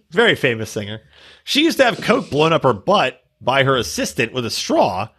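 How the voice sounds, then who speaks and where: A man with a bright, husky voice rambles through a casual podcast chat, joking his way through gossip. His pitch runs higher than most men's and jumps around constantly. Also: huge pitch swings, measured pace. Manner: rambling, jokey, puts on silly voices for gossip. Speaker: podcast co-host.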